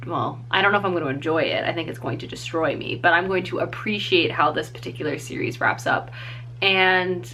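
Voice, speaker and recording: A young woman vlogs at home on a handheld camera, her lowish voice carrying a sharp tone over slight background noise. She chats casually, full of fillers and self-deprecating asides.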